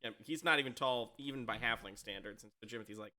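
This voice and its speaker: Bright-voiced male dungeon master. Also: mid-range voice, quick pace. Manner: hesitant, filler-heavy. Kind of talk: narrating a tabletop game.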